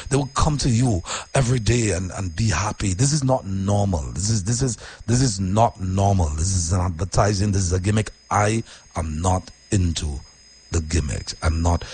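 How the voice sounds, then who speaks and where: A man who hosts radio, talking casually about his week, deep-voiced when calm and emphatic with repeated phrases. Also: slightly rough. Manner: repetitive, emphatic, swings from quiet and low to high and animated. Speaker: radio host. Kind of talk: casual personal talk.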